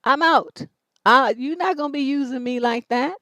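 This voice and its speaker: A woman's voice: sits high, a little fast, a bit bright, dry recording. A middle-aged woman hosting a livestream relationship advice show, talking bluntly and with plenty of swearing. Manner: blunt, profane, brash storytelling.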